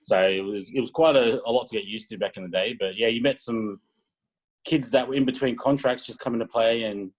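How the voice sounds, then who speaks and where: A man's voice: mid-range voice, brisk, rough recording. A man, a podcast guest telling rambling, laid-back stories in casual chat. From Australia.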